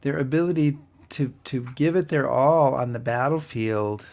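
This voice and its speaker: Gravelly-voiced man telling an anecdote. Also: mid-range voice, a little mellow. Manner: halting, with frequent repeated starts. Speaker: history podcast co-host. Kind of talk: casual conversational storytelling.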